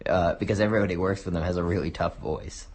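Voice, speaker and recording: Canadian male radio co-host, low husky voice, rambling game talk. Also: fairly even intonation, fast. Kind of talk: casual chat about video games. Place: radio studio.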